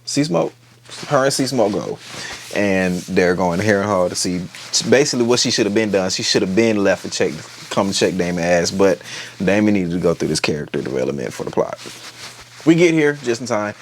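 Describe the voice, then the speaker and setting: A man casually recapping a TV episode, animated and profane, acting out the characters' lines as he goes. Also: low-pitched, brisk, slight background noise. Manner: animated, profane, acts out quotes. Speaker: TV episode reviewer.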